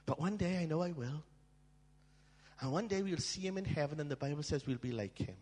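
A man preaching a storytelling sermon in a church, dramatic and swinging from hushed tones to shouting. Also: a little high, animated, a little fast. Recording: long hall reverb.

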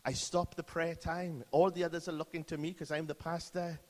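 A man's voice: on the high side, level tone, brisk. A British man, a pastor, preaching a sermon as vivid first-person storytelling. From Britain. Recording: long hall reverb.

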